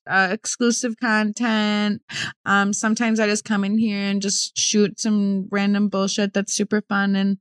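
A woman's voice: medium pitch, level tone, unhurried, fairly bright tone, clear, resonant tone, no echo. A young woman hosting a podcast, chatting casually in a crude, giggly way. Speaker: podcast host. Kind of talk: casual chat.

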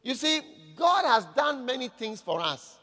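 A man's voice: very high-pitched, very animated, unhurried, bright, forceful tone, faint music behind. A man who is a pastor, preaching a sermon and calling on the congregation for responses. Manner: calls for audience response. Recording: echoey hall reverb.

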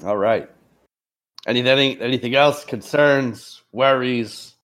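A man's voice: medium pitch, measured pace. Guy running a tabletop game, rambly briefing, kinda sick and throaty. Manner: relaxed, rambling briefing with filler words. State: a bit sick, clearing throat. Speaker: game master. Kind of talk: voicing a military chief in a tabletop game.

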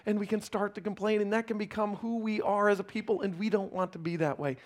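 A man preaching a sermon, reading scripture and acting out complaining voices, then dropping to quiet emphasis. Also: high voice, fairly even intonation, fast, few pauses. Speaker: pastor.

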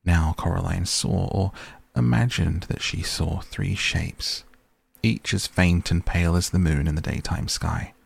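A man reading a story aloud in a slow, grave, measured way, with a gravelly voice. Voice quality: deep, gravelly, husky voice. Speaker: narrator. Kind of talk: audiobook narration.

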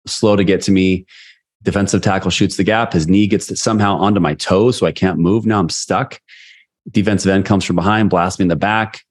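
Man, forties, very deep voice, interview guest, storytelling, animated. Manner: animated, acts out quotes. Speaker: guest, sales leader and coach.

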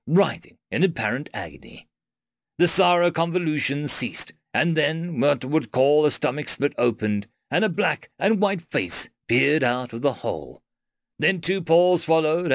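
A man reading short science-fiction stories aloud in an expressive narration. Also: medium pitch, no room sound, clean studio sound. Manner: expressive reading with shifting tones. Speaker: story reader. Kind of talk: scripted narration.

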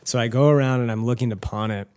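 A man's voice: mid-range voice, fairly even intonation, fast, darkish tone. A man telling a long personal story in casual chat, self-deprecating and swearing freely, with rambling asides. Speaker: podcast host telling a story.

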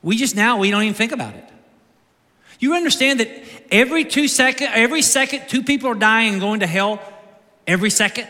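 A man's voice: extremely high pitch, a little fast, pushed and bright. A man preaching a sermon as pastor, urging his congregation with repeated, exhorting refrains. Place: large church sanctuary. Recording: long reverb of a big hall.

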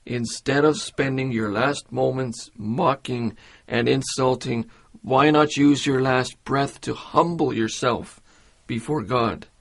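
A man giving a devotional meditation in a measured, earnest way. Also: medium pitch, creaky. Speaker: preacher.

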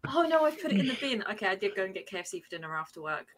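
A woman's voice: medium pitch, big pitch swings, very fast. A woman from England on a podcast, chatting loosely and using "like" often. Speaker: podcast co-host. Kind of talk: casual chat.

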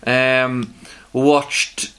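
A British man hosts a casual film podcast in a bright, forceful voice. He talks slowly and hesitantly, leaning on fillers as he goes. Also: medium pitch, little pitch movement. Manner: hesitant, filler-heavy, slow. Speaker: podcast host. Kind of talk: casual chat.

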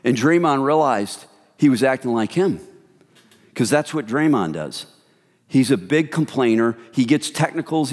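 A man preaching an animated sermon, his voice sitting in the middle of the male range. He slips into hushed asides to act out everyday gossip. The sound carries a long hall reverb. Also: mid-range voice. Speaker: pastor.

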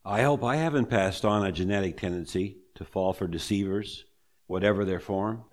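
Male pastor, lowish voice, emphatic sermon delivery with rhetorical questions. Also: moderate pace.

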